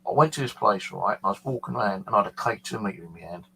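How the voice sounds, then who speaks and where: A man's voice: lowish voice, very fast, gravelly, bright, forceful tone, a little hiss or hum, low-quality recording. A man with a British accent telling a paranormal story in a casual, rambling way, full of fillers. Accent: British English. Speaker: paranormal channel host.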